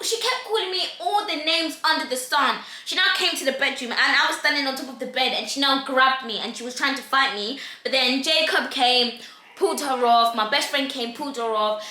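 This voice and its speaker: A woman's voice: sits high, sharp tone. A young woman telling a dramatic storytime, acting out everyone's voices. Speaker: storytime vlogger. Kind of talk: animated storytime. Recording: echoey room.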